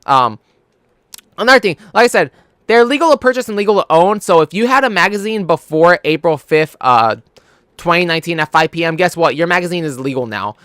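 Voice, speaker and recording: A man's voice: a little high, animated, fairly quick, fairly bright tone, no room sound, clean studio sound. A young man from California, a gaming YouTuber, telling a rambling, profane story in casual chat. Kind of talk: casual storytelling over gameplay.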